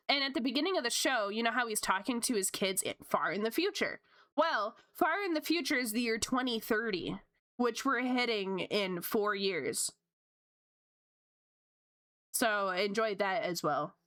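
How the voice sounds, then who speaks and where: A woman's voice: fairly high pitch, lively intonation, normal speed, sharp tone. A woman in her late twenties chatting casually and rambling while she draws on stream, laughing often. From Canada. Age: late 20s. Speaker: art streamer. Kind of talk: casual chat while drawing.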